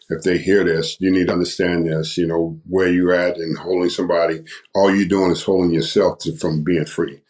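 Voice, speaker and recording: An older man with a very deep, low voice tells his story as a guest on a podcast. He talks like a preacher, repeating phrases for emphasis. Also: darkish tone. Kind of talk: testimony in a podcast interview.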